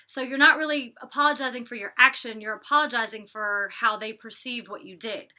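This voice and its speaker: A woman's voice: fairly high pitch, brisk, sharp tone. A young woman chatting casually at home, giving an opinionated review with lots of likes, ums and laughs. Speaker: vlogger reviewing a reality show. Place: home, indoors.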